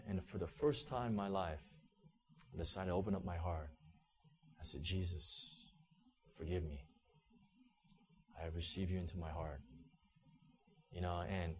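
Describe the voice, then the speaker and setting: A man's voice: medium pitch, darkish tone. A man preaching a sermon in a conversational way, giving a personal testimony with many fillers and restarts. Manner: conversational, heavy use of "you know" and restarts.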